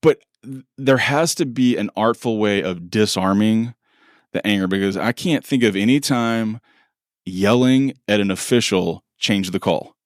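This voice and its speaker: A man's voice: lowish voice, a little slow, no room sound, clean studio sound. A middle-aged man co-hosting a podcast, chatting casually and acting out quoted dialogue with frequent laughs. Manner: animated, acts out quoted dialogue, laughs often. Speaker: podcast co-host. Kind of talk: casual conversational storytelling.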